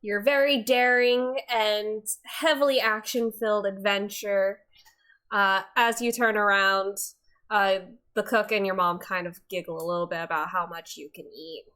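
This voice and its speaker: Bright, unhurried woman game master. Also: medium pitch, fairly even intonation. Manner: casual, laughs easily. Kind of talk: narrating a tabletop game.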